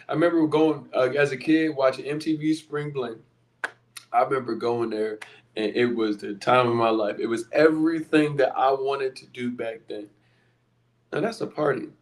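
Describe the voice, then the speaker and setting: A man's voice: medium pitch, darkish tone. A man from Philadelphia with a Philly accent, hosting a podcast as a conversational, blunt monologue full of rhetorical questions. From Philadelphia, USA. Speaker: podcast host. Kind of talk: motivational monologue.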